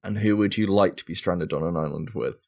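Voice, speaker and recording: A man's voice: low-pitched, brisk, vocal fry, a little mellow. A man hosting a casual gaming podcast, talking in a rambling, laid-back way and swearing now and then. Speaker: podcast host.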